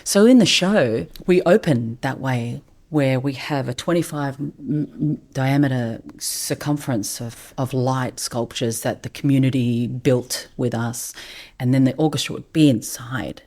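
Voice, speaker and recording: A middle-aged woman, a guest on a podcast and a vocalist, telling a story in a soft, hushed, often breathy way. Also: extremely low pitch, a little slow. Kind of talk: reflective storytelling.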